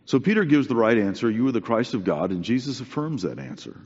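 A very animated preacher talks fast in a husky, darkish, mid-range voice. He keeps the sermon earnest and conversational, repeating key points emphatically. The sound is dull, wrapped in long hall reverb.

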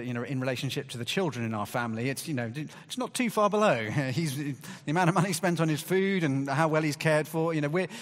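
A male preacher delivers a sermon in a chatty, down-to-earth voice of middling pitch, pressing hard on key words. His voice trails into a long hall reverb. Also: a bit bright. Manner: conversational, emphatic, with rising bursts of stress.

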